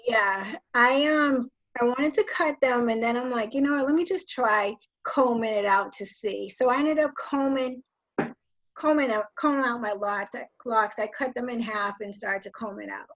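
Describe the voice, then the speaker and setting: A woman caller giving a measured, slightly hesitant rundown of her hair situation. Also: fairly high pitch, fairly bright tone, dull audio. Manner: measured, explanatory, a bit hesitant. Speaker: caller asking for hair advice. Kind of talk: casual video call chat.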